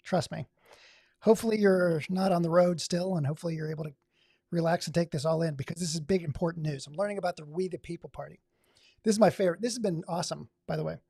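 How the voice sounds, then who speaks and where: A man's voice: fairly high pitch, fast, gravelly, warm tone, husky, no echo, clean studio sound. A man streaming, reading text aloud and riffing on it with sarcastic asides in casual livestream commentary. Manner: sarcastic, reads aloud and riffs.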